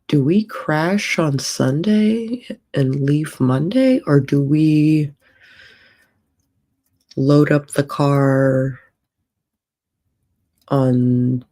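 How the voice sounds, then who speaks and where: A woman's voice: low-pitched, dark tone. A woman streamer and author chatting casually on a livestream from a hotel room, rambling and thinking aloud.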